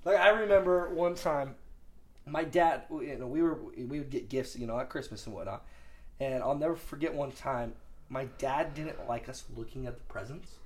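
A man in his thirties telling stories in a casual chat, animated, swearing freely and laughing as he talks. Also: mid-range voice, moderate pace. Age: 30s.

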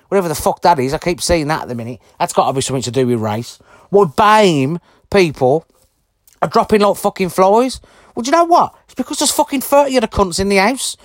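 A man's voice: sits high, no echo, clean studio sound. A man delivering an angry, heavily sworn ranting monologue to camera, blunt and indignant. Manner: heavy swearing, blunt and indignant.

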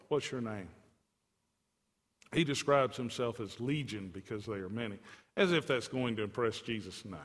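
High-voiced man preaching in a reverberant hall. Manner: animated preaching, rising and dropping in pitch and loudness, asides to the congregation. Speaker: pastor. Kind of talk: sermon.

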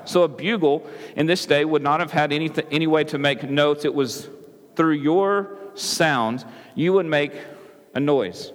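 A male pastor with a fairly high voice, preaching in an easy, conversational style. He checks in with "right?" and restarts his phrases as he goes, and his voice rings out with a long reverb across a large hall. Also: unhurried. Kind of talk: sermon.

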